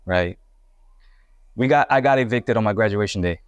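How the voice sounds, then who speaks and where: A man's voice: lowish voice, moderate pace, clear, resonant tone, dry recording, dull audio. A young man from Puerto Rico, a guest hip-hop artist, tells his life story in a candid, rambling way with many restarts. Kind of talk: casual interview storytelling.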